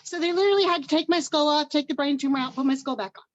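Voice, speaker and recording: A woman's voice: high voice, very fast, no room sound, highs cut off. An older woman from Washington State giving an upbeat, emotional personal testimony on a video call. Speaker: guest presenter.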